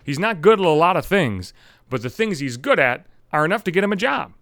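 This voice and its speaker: A young man rants into his podcast mic, swearing constantly as his fairly high voice swings widely up and down. The sound is close and dry, with no room behind it. He talks the way a fed-up host vents to his listeners. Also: big pitch swings, a little fast, fairly bright tone, no echo. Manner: angry, profane, ranting. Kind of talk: solo podcast rant.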